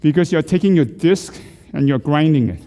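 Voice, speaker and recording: A middle-aged man in a church hall leads a group through neck exercises, coaching, asking questions and joking with the class. His voice sits a little high, expressive and dark-toned, at a moderate pace, with a big-room sound.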